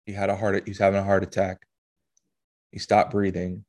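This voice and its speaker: A man hosting a podcast, telling a personal story in an emotional, halting way with blunt swearing. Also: low-pitched, completely flat delivery, darkish tone. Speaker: podcast host.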